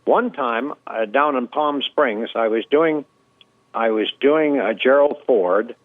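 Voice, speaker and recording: An older man from Canada spins relaxed anecdotes, full of ums and uhs, at an ordinary middle pitch. His voice comes through a dry, tinny, phone-like line. He speaks as a guest in an interview. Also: slow pace, no echo. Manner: anecdotal, relaxed storyteller with many fillers. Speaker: guest impressionist. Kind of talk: storytelling interview.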